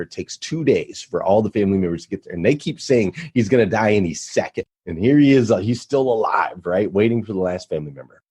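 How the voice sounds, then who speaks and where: A man's voice: low-pitched, warm tone, slightly rough. A man telling a personal story as a podcast guest, earnest and motivational, building to emphatic points. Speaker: radio show host, podcast guest.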